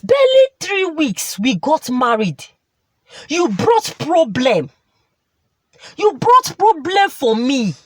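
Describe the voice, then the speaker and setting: A woman voicing a bitter newlywed woman who scolds and whines in a high, shrill voice. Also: big pitch swings, slow pace, no echo, heavily acted. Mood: whining.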